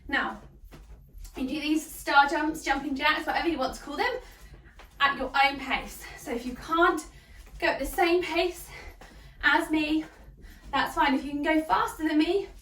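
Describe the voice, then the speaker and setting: A woman's voice: high-pitched, fairly even intonation, a little slow, pushed and bright, reverberant, far from the mic. A woman leading a hoop workout, out of breath, cheering people on and counting down the reps. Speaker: fitness instructor. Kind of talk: workout instruction.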